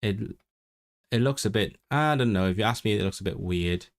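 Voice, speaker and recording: Fairly low in pitch and at an ordinary pace, a man livestreams informally about learning languages, thinking out loud and often starting over. He reads the chat and switches into learner's Welsh with lively intonation. He's a native English speaker recorded on a desk mic.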